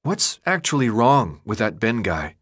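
A man's voice: on the low side, big pitch swings, measured pace, a bit bright, slightly rough, no room sound, clean studio sound, full character voice. A man voicing a curious, frustrated teenage boy who speaks in edgy, questioning tones in a storybook reading.

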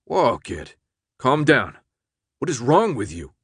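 A hard, impatient middle-aged pilot with a cold, gruff growl, as a man reading an audiobook puts him on. His lines are pushed loud and raised. It is a dry, close recording. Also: mid-range voice, very animated, slow pace, no echo, full character voice.

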